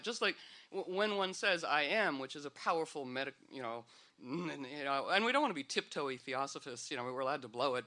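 Man, slightly high voice, live talk to an audience, rambling, playful, lots of fillers. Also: bright, forceful tone. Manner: meandering with frequent fillers and restarts, playful. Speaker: speaker at a live gathering.

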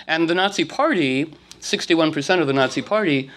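A man's voice: a little high, animated, normal speed, fairly bright tone, a little hiss or hum. A man giving a spiritual talk to an audience, rambling, with frequent fillers and restarts.

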